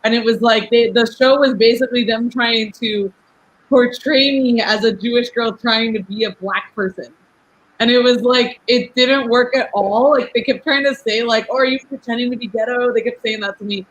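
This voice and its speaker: A woman's voice: a little high, steady tone, muffled recording. A young woman in her twenties talking in a casual podcast chat as a guest. She is outspoken, laughs often and fills her talk with "like". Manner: fast, chatty, lots of "like" fillers. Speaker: guest, rapper.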